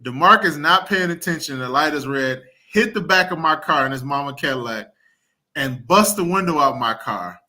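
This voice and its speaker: Very bright-voiced chatty man. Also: on the high side, animated, moderate pace. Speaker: father on a discussion panel. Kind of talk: casual storytelling.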